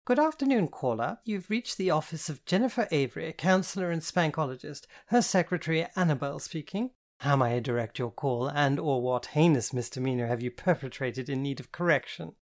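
A woman's voice: sits low, lively intonation, brisk, few pauses, voice pushed up. A woman voicing a prim woman secretary with a pinched, mock-formal manner in a storybook reading.

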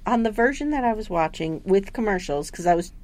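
A woman co-hosting a casual podcast, recapping an episode with animated storytelling and squealed voices for the people she quotes. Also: medium pitch, brisk. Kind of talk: casual chat.

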